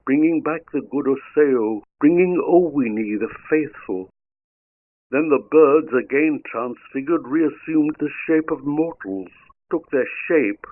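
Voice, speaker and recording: A man narrating a long narrative poem aloud in a measured, rhythmic reading. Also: on the high side. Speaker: audiobook narrator. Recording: narrow phone-like lo-fi sound.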